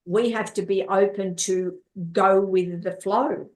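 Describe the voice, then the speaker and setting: This woman, a life coach and therapist guest, tells life stories in an interview, acting out others' words and repeating herself. Her medium-pitched voice keeps a fairly even intonation, and she speaks slowly.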